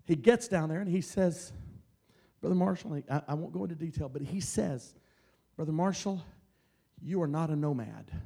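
A traveling evangelist preacher from Mississippi delivers a Pentecostal sermon in a high, creaky voice at normal speed. He starts out storytelling and builds until he's shouting his preaching loudly.

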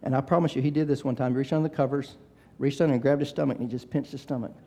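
An older man preaching a sermon, swinging between loud, shouted exhortation and quiet, chatty family stories. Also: medium pitch, steady tone, racing. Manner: preaching that swells to shouting, then drops into soft storytelling. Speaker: pastor. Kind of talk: sermon with storytelling.

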